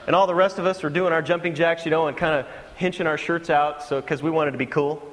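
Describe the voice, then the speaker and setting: A man's voice: a little high, fast talker, in a large hall. A man preaching a sermon to his congregation, telling stories and acting out mocking voices. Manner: animated storytelling with mocking impressions. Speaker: pastor.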